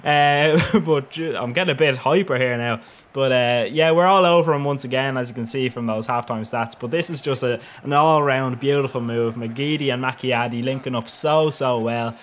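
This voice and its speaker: A man's voice: medium pitch, moderate pace, fairly bright tone, slight background noise. A young man giving a cheeky, rambling voice-over commentary on his own football video game matches, laughing often. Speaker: gaming channel host.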